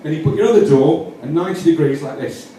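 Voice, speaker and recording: Speaking quickly in a fairly high, mellow voice, a Yorkshire man doing comedy gives long-winded, pretend-earnest instructions and keeps revising his sentences midway. The recording has a distant mic, roomy echo and faint noise.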